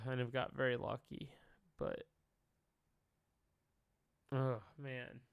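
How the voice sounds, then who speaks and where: A man's voice: medium pitch, steady tone, very slow, gravelly, clean tone, no room sound. A young man doing casual reaction commentary, talking emotionally, often sighing, swearing and trailing off. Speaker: commentary streamer.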